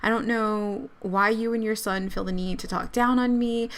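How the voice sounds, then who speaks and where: Narrated game figure: a woman doing an exasperated single mom standing her ground, mid-range pitch. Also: steady tone, normal speed, natural voice. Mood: firm. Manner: firm, exasperated, pleading to be left alone.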